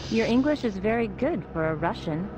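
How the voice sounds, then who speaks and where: A woman voicing a brisk young female scientist in a video game, speaking in a curt, businesslike way. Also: medium pitch, lively intonation, crowd noise, close to an everyday voice. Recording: noisy game audio.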